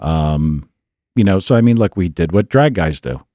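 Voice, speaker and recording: A man telling a racing story in a casual podcast chat, animated and laughing often, acting out what people said. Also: sits low, normal speed, dry recording, studio quality. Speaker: podcast co-host.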